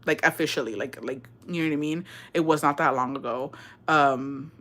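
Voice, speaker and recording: A woman's voice: low voice, normal speed, fairly bright tone. A young woman hosting a livestream tells a personal story in casual, rambling speech. She fills every phrase with "like", swears bluntly and laughs at herself. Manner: rambling, heavy on "like", blunt and profane; laughs at herself, self-described unserious. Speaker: livestream host.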